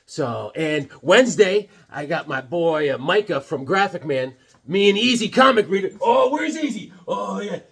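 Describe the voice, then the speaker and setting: A man chatting casually as a comic book vlogger, joking and rambling with sudden loud bursts while he shows off his sketches. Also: a little high, normal speed, vocal fry, husky. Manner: excitable, jokey, rambling, with sudden loud outbursts. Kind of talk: casual chat showing sketches.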